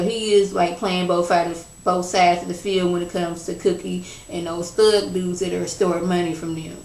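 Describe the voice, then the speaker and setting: A woman talking through a TV episode in a loose, chatty way, leaning on slang and plenty of "you know" and "like". Her voice sits in a middle pitch. The sound bounces around an echoey room. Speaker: TV episode reviewer. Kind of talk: casual spoken recap.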